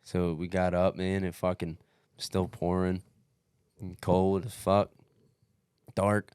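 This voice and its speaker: A man's voice: deep voice, slow pace, clean tone, no echo, clean studio sound. A man on a casual podcast telling a story, swearing freely, calling people dude and bro, and acting out what others said. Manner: profane, animated retelling with acted-out quotes; peppers speech with dude and bro. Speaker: podcast co-host recounting his race.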